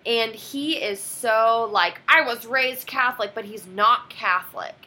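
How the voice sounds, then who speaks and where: A woman in her twenties telling a personal story in casual chat, animated and quoting others dramatically. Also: a little high, measured pace.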